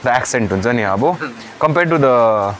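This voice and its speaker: Talking rapid-fire in an animated, medium-pitched, fairly bright voice, this young Kalimpong vlogger chats casually at a cafe, inside and out. He mixes Nepali and Hindi into his speech and says bro a lot.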